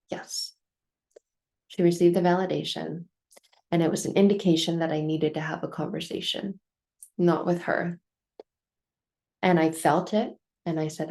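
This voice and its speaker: A woman's voice: low voice, fairly even intonation, normal speed, long pauses, a little mellow. Earnest woman telling a personal story. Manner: earnest, emphatic, repeats phrases for effect. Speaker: vlogger telling a life lesson.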